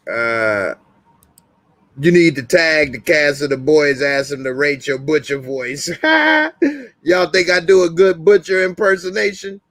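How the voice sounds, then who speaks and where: A man's voice: fairly high pitch, dry recording. Laid-back man hosting a live chat. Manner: relaxed, reads and answers chat, laughs often. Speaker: live-stream host. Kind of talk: casual live-stream chat.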